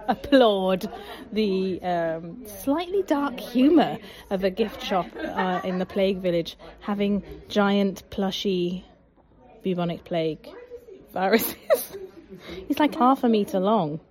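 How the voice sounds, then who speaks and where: A woman's voice: mid-range voice, expressive, slow, darkish tone. A woman vlogging in a museum gift shop, chatty and enthusiastic with laughing asides. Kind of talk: casual vlog chat.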